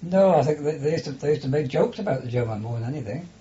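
An older man tells his memories slowly, stopping and restarting often with fillers. His voice is mellow and low in brightness. The recording is dull and lo-fi with a faint hiss. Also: animated. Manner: halting, hesitant with many restarts and fillers. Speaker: interviewee, former prisoner of war. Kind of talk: oral history interview.

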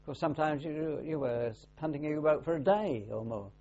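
A man's voice: a little high, brisk, darkish tone. An older man, a naval veteran, answering questions in an oral history interview with dry humor. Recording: dull lo-fi recording.

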